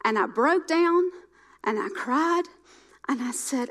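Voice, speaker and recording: A middle-aged woman preacher delivering a sermon, emphatic and repetitive, swinging between loud lines and hushed ones. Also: high-pitched, expressive, slow pace, pauses often.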